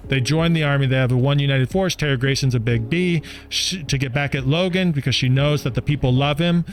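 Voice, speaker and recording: A man co-hosting a book review podcast, recapping the plot in a brisk, plainspoken way and pushing the talk along. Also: mid-range voice, a little hiss or hum. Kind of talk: casual chat recapping a book.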